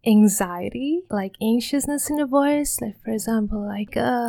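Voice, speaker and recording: A woman with a non-native English accent hosting a calm self-help podcast, speaking softly, sometimes dropping to a whisper and laughing lightly. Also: on the high side, moderate pace, creaky, hardly any pauses, dry recording, clean studio sound. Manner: soft-spoken, slips into whispers, laughs lightly. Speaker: podcast host.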